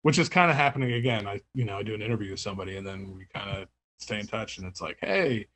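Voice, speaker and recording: A man's voice: on the low side, rapid-fire, fairly bright tone, slight background noise. Rambling man talking about his record label. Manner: rambling, many fillers and restarts, laughs often. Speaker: label owner and music writer. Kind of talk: casual interview chat.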